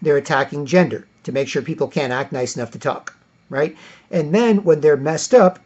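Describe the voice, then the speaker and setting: A man's voice: a little high, moderate pace, a little mellow, highs cut off. A man delivering a rambling, repetitive political rant as a vlogger.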